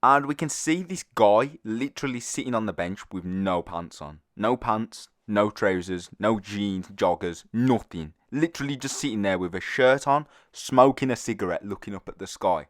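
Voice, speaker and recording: A teenage man, hosting a storytime video in a rambling, animated, casual way. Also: fairly low pitch, moderate pace, few pauses, no room sound, clean studio sound. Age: teens. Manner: rambling, animated, with frequent fillers. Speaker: storytime channel host.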